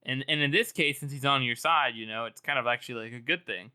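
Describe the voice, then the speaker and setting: A man's voice: mid-range voice, quick pace, pushed and bright, clear, resonant tone. A man co-hosting a podcast, chatting eagerly about a book with lots of restarts. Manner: enthusiastic, rambling with many restarts. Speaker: podcast co-host. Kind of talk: casual book discussion.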